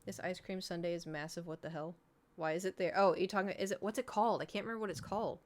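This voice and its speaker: Woman streamer, young adult, somewhat low voice, rambling casual chat at a desk mic. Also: fairly even intonation, racing, darkish tone. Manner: rambling, chatty, talks to chat and pet.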